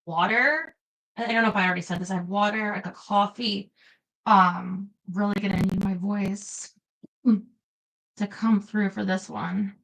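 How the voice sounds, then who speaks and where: Bright-voiced, giggly woman streamer. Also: medium pitch, steady tone, moderate pace, creaky, poor audio. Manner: chatty, giggly, reads chat aloud. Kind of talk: casual live-stream chat.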